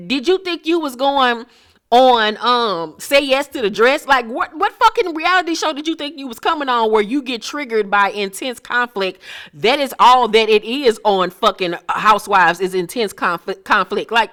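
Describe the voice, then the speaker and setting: A woman's voice: a little high, animated, normal speed, a bit bright. A woman giving a brash, sarcastic, swear-filled recap of a reality show episode.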